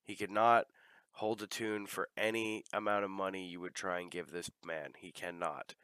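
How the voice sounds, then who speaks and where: A man's voice: deep voice, level tone, moderate pace, a bit bright, clean tone, no room sound. Rambling, profane man, dry sound. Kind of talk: casual chat.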